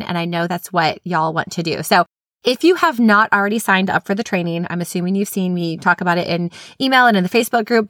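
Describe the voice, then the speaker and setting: A woman's voice: on the low side, fairly bright tone, no echo, studio quality. A woman, hosting an upbeat, chatty teaching podcast. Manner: enthusiastic, chatty. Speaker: podcast host, literacy specialist.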